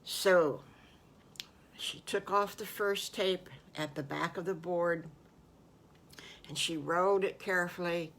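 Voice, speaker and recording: Older woman, fond children's storyteller, slightly low voice, chatty. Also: steady tone, slow, pauses often. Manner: warm, doting, chatty with fillers.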